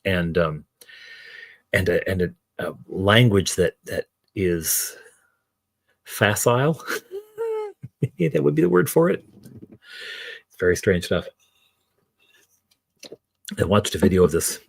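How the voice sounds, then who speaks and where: A man's voice: deep voice, dry recording. A man in his fifties chatting casually, rambling and wry. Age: 50s. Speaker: streamer. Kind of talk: casual chat.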